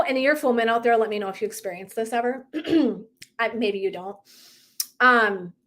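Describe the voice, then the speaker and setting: A woman's voice: on the high side, a bit bright. Candid laughing middle-aged woman coach. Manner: candid, swears, laughs while talking, acts out her own thoughts. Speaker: wellness coach. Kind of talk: casual live stream monologue.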